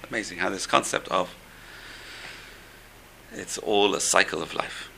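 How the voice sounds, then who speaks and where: A man's voice: low voice, steady tone, measured pace, gravelly, pushed and bright, slight background noise. A man giving a storytelling religious class, repeating phrases for emphasis.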